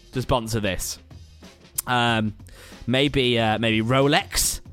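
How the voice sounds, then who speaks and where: A man's voice: steady tone, takes it slowly, long pauses, a bit bright, faint music behind. Chatty man hosting a podcast. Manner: chatty, self-mocking, jumpy pitch. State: out of breath. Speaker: podcast host. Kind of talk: casual podcast intro.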